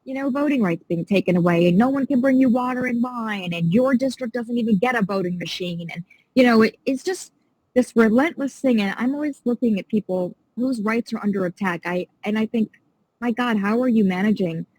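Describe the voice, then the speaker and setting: Passionate indignant woman with a husky voice. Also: on the high side, fairly quick, darkish tone, no room sound, low-quality recording. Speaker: podcast guest. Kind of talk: casual interview chat.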